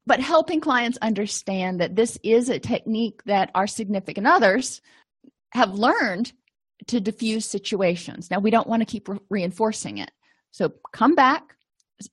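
A woman lectures clinicians on therapy skills in a conversational style, often acting out short sample dialogues. Her husky voice is fairly high and animated. She speaks at normal speed.

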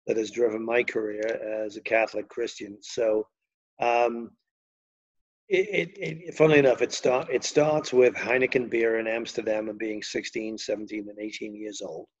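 A man's voice: on the low side, fairly even intonation, moderate pace, dull audio. An older man from England with a Liverpool accent, telling long, rambling anecdotes with many fillers as an interview guest. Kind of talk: storytelling interview.

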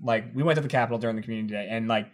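A man's voice: fairly low pitch, rapid-fire. A man co-hosting a podcast in casual chat, explaining things with enthusiasm and plenty of "like" fillers. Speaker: podcast co-host.

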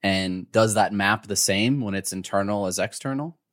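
A man with a fairly low voice hosts a podcast and asks reflective, personal questions. The recording is dry and close. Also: moderate pace, a bit bright, no echo. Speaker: podcast host. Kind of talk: podcast interview.

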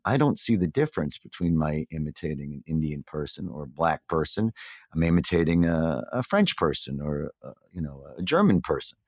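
A middle-aged man with a low voice speaks in a candid, conversational interview. He is reflective and searches for his words, with plenty of fillers and restarts. The sound is dry and close, with no room around it. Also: big pitch swings, fairly quick, a little mellow, dry recording. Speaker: guest.

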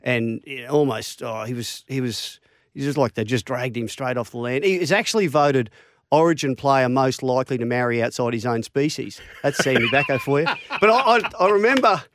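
A middle-aged Australian man, a former rugby league player, telling lively stories in casual chat and acting out the quotes. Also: a little fast. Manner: animated yarn-spinner, acts out quotes with big pitch jumps.

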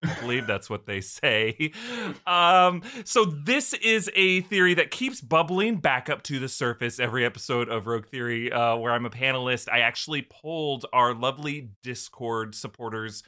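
Playful bright-toned panelist on a video call. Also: male voice, mid-range voice, moderate pace, clear, resonant tone. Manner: playful, puts on mock-formal speech. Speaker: guest panelist. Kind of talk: casual comedic panel chat.

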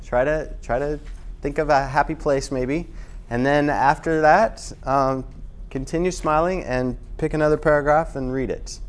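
A man's voice: a little high, steady tone, moderate pace. A man teaching voiceover tips in a loose, casual talk with restarts.

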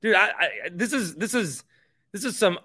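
A man's voice: high-pitched, lively intonation, normal speed, bright, forceful tone. A male sports radio host reacting to a caller, stammering and incredulous, with frequent repeated words.

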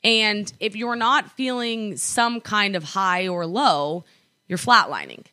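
Young female podcast co-host, crisp and bright, rambling casual chat in a dry room. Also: medium pitch, lively intonation, slow pace, no echo. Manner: chatty, lots of likes and restarts. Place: apartment.

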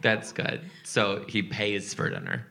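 A man doing stand-up crowd work and telling a story, animated, profane and teasing with the audience. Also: on the low side, slow pace, vocal fry, heavy background noise. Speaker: comedian and podcast host.

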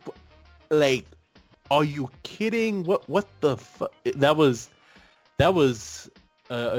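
A man co-hosting a podcast in casual chat, blunt and sarcastic, swearing freely. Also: lowish voice. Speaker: podcast co-host.

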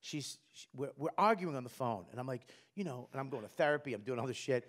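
A middle-aged man in casual comedic chat, telling animated, profane stories. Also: medium pitch, quick pace.

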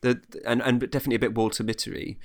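A man's voice: mid-range voice, level tone, very fast. A man chatting casually about an old film, rambling with restarts and little laughs. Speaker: podcast co-host reviewing a film. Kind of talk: casual chat.

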